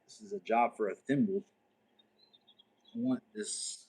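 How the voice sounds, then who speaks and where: A man's voice: on the low side, fairly even intonation, a little slow, darkish tone, poor audio. A man hosting a casual livestream outdoors, chatting easily and joking while he stitches leather. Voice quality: ginger, sweaty from working outdoors. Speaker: livestream host. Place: outdoors, warm day.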